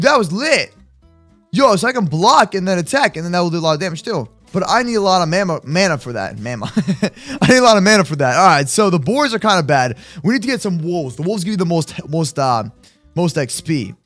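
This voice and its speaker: A young man giving excitable casual gameplay commentary, often yelling at enemies and laughing between lines. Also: sits high. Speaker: gaming YouTuber.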